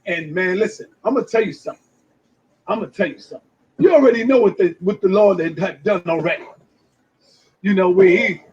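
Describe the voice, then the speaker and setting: A man in a brash, swearing reaction rant with loud outbursts, heard through dull lo-fi clip audio. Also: high-pitched, husky. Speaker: commentator reacting to a video.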